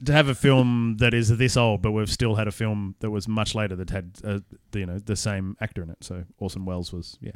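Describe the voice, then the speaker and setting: A man's voice: fairly low pitch, fairly even intonation, a little fast, few pauses, clean tone, dry recording, clean studio sound. A man talking about a film on a podcast, tentative and full of questions. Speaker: podcast co-host. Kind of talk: casual film discussion.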